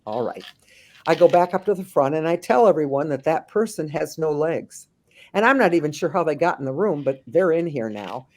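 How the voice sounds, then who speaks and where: A woman working as a memory care consultant, answering interview questions with lively acted-out anecdotes and frequent restarts. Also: sits low, fairly quick. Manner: animated storyteller, slips into voices of the people she describes; frequent restarts and thinking aloud.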